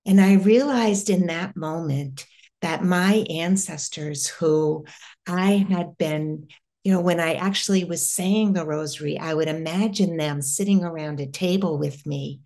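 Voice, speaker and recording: A middle-aged woman from the United States, appearing as an interview guest, describes a personal spiritual experience. Her fairly low, mellow voice moves very slowly and haltingly, with frequent pauses and many restarts.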